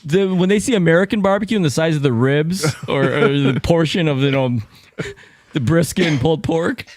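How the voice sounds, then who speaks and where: A man from a radio show crew joining the chat in a lively, amused way. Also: fairly high pitch, brisk, no echo, clean studio sound. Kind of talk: casual sports radio chat.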